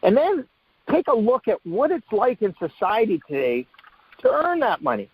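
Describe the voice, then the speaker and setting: A man giving an energetic motivational training talk on a call, full of rhetorical questions and repeated phrases. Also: high-pitched, normal speed, breathy edge, no echo. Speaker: network marketing trainer hosting a call. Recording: dull muffled call audio, dry.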